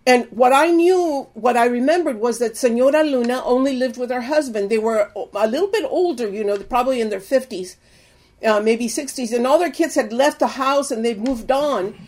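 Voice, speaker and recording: A woman's voice: on the high side, moderate pace, darkish tone. An older woman preaching, telling an earnest personal testimony and exhorting her listeners.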